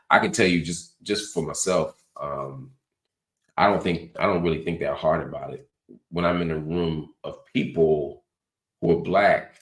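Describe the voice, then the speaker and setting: A middle-aged man hosting a talk show, chatting casually and reading viewer comments aloud. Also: very deep voice. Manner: relaxed, conversational, reads viewer comments aloud. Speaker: show host.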